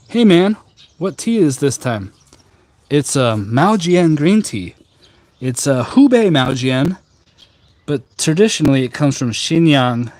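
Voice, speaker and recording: A man hosting a casual tea live stream outdoors on a rooftop garden, chatting with viewers in a jokey, rambling, deadpan way with many fillers. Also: medium pitch, no echo. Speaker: tea livestream host.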